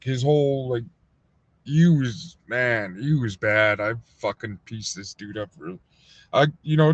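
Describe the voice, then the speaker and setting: A man casually telling a rambling, profane story on a livestream, full of fillers, sometimes acting out other people in a higher voice. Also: dry recording. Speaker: livestream host. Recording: dull, lo-fi dry sound.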